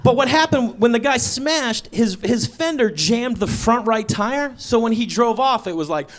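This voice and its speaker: Male stand-up comic, animated, shouts punchlines, lively swooping voice, high pitch. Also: moderate pace, slight background noise. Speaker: stand-up comedian. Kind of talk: stand-up storytelling. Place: stage before a live audience.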